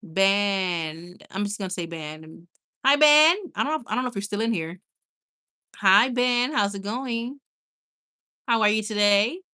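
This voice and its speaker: A woman's voice: medium pitch, expressive, a little slow, sharp tone. A woman hosting a casual livestream late at night, chatting with viewers and reading their comments. She laughs often, stumbles and restarts her sentences, and sounds tired.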